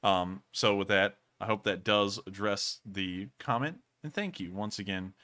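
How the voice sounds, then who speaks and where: A man co-hosts a casual livestream, reading out donations. His voice is bright and forward, and he rambles a little. He circles back again and again to thanking his supporters. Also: lowish voice, unhurried. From Alabama, USA. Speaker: livestream co-host.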